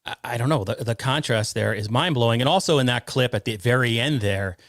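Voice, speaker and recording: A man hosting a casual podcast, reading out chat comments in a halting, rambling way. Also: mid-range voice, a bit bright, no echo, studio quality. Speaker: podcast host.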